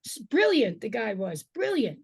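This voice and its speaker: An older woman telling lively stories as an alumna panelist on a video call. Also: fairly high pitch, unhurried, husky, no echo. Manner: lively, animated storyteller.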